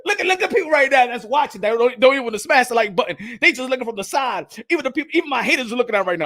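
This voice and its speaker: A man hosting a casual boxing commentary vlog, ranting loudly and profanely, repeating phrases and laughing at his own points. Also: extremely high pitch, very animated, fast. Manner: loud, profane, heated ranting with bursts of shouting. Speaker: boxing channel host.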